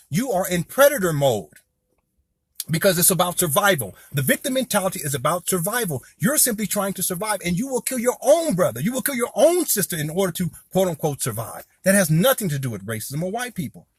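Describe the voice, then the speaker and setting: Husky heated man ranting to camera. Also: high voice, no room sound, studio quality. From Southern California, US. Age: 40s. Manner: heated, rambling, addresses viewers as "y'all". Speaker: video commentator. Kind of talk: impassioned direct-to-camera commentary.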